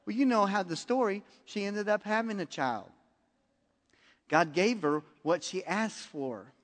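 High-voiced man preaching in a hall. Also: a little slow. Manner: animated, acts out dialogue in the story. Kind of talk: storytelling sermon. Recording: long reverb of a large hall.

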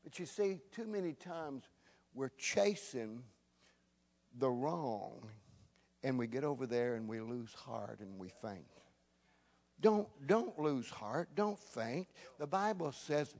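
A man preaching a sermon as pastor, animated, repeating words and calling out for amens. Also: mid-range voice, takes it slowly.

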